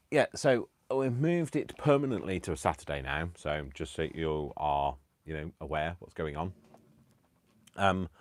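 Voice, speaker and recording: Deep-voiced chatty man on a home live stream. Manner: chatty, self-mocking, rambling asides. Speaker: craft channel host. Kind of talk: casual live stream chat. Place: home, indoors.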